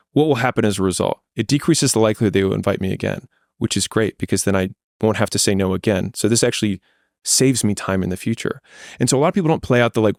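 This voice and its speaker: A man's voice: fairly low pitch, no room sound, clean studio sound. A man in a candid podcast conversation, talking in a blunt, plainspoken and reflective way.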